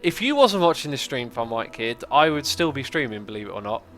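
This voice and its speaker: A man hosting a casual gameplay livestream, chatting, thinking out loud and answering viewer comments. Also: medium pitch, very animated, brisk. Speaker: livestream host.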